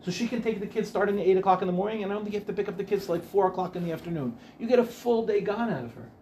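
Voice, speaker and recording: A man's voice: sits high, very fast, warm tone, slight background noise. A man, a rabbi, giving an informal Torah class, chatty and rambling, often breaking off to ask the audience questions. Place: Ramat Beit Shemesh.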